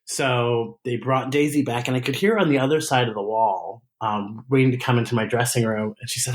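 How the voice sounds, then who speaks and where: A man being interviewed as a guest, a drag performer telling stories in a casual chat, animated and laughing often. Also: mid-range voice, normal speed. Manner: animated storyteller, laughs and giggles often, many restarts.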